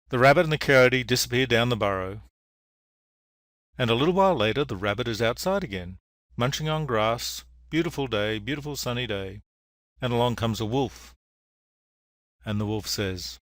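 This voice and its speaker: A man, an engineering professor, giving a public award lecture in a measured, dry storytelling manner. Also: medium pitch, fairly bright tone, no room sound. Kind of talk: public lecture with a told fable. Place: lecture venue.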